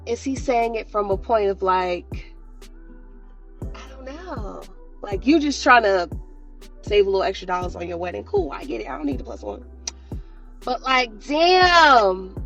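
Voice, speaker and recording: A woman with a high voice tells a story about herself in a wry, self-mocking way. The recording sounds dull and lo-fi, and faint music plays behind her. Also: sharp tone. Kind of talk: storytime video.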